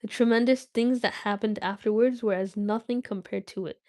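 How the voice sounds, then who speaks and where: A woman's voice: medium pitch, steady tone, normal speed, a little mellow, no echo, clean studio sound. A young woman reading a book aloud on a live stream, with small slips and restarts, and chatting casually with her viewers.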